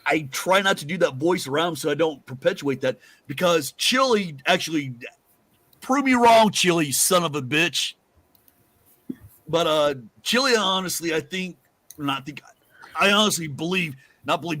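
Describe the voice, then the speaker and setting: A man's voice: a little high, pushed and bright, no room sound. A man hosting a podcast in casual, rambling chat, swearing freely. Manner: rambling, profane, loose. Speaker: podcast host.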